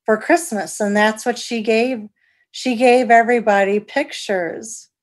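Recalling past events in an interview, the middle-aged mother of the story's subject is emotional and chatty, performing remembered conversations. Her voice is on the high side with fairly even intonation, and she talks a little slowly.

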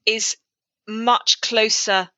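A woman's voice: a little high, fairly even intonation, drawn-out words, pushed and bright, no room sound, lo-fi sound. A woman author talking through her writing in a casual interview, thoughtful and prone to restarts. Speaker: author guest. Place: lives in North Wales.

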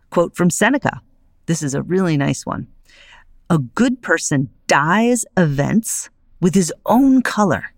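Gravelly-voiced woman podcaster. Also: deep voice, dry recording, clean studio sound. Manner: animated, conversational, often asks "right?". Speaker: podcast host. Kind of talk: solo podcast monologue on philosophy.

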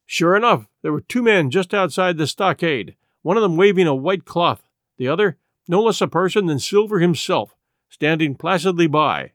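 Expressive male audiobook narrator. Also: a little high, moderate pace, no room sound, studio quality. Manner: expressive storytelling. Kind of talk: scripted narration.

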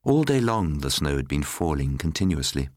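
A man with a low voice reads a story aloud, and his pitch rises and falls with feeling. He is recorded close and dry, with no room echo. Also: moderate pace. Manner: expressive storyteller reading. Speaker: narrator. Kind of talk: scripted storybook narration.

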